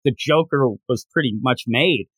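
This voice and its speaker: A man's voice: mid-range voice, moderate pace, slightly rough, no echo. A man hosting a podcast, casually recapping a comic and acting out its scenes as he goes. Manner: animated storyteller, acting out the scenes. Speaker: podcast host.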